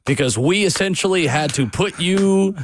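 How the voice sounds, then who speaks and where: A man's voice: high voice, lively intonation, normal speed, slight background noise. Sarcastic male sports radio host. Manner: dry sarcastic delivery.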